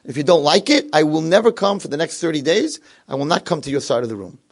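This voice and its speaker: Storytelling part: a man doing a warm-hearted old man, a bit raised in pitch, lively and coaxing. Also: fast. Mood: eager enthusiastic. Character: kind cheerful wealthy old man.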